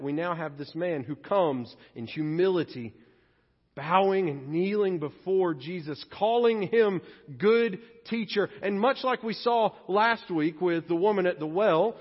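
High-voiced, husky-toned man preaching. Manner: earnest, emphatic preaching that slips into acted quotes. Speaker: pastor. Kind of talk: sermon. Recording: long reverb, dull lo-fi sound.

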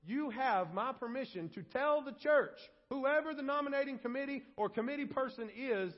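A male pastor preaching a sermon, animated and acting out quoted voices. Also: very high-pitched, normal speed, hardly any pauses, long reverb tail. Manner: animated, acts out quoted voices and shouts for effect. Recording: dull lo-fi sermon audio.

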